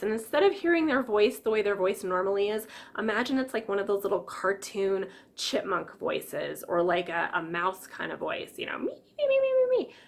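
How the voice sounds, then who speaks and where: A woman coaching stress relief in a lively teaching manner, acting out little quoted reactions as she explains. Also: medium pitch. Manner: lively, acts out quotes with exclamations. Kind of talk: teaching an online class.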